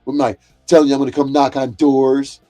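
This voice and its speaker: A man's voice: mid-range voice, little pitch movement, fairly quick, warm tone, soft background music. Profane, confrontational man ranting. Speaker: livestream host. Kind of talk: angry ranting monologue.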